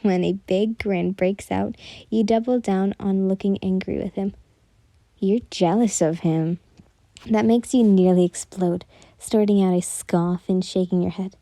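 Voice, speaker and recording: A woman's voice: medium pitch, fairly even intonation, a little slow, mellow, no echo. A woman narrating listener fanfiction in a casual reading with slips and self-corrections. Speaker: fanfic reader.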